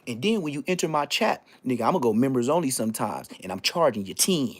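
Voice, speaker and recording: A man hosting his own live stream, telling a story in a loose, profane way and jumping into high-pitched exclamations. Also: big pitch swings, quick pace, husky. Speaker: livestream host.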